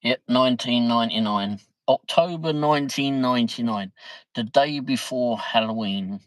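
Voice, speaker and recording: A man's voice: mid-range voice, normal speed, no room sound, poor audio. A middle-aged man, chatting casually on his livestream, reading viewer comments, laughing easily and swearing mildly. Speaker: livestream host.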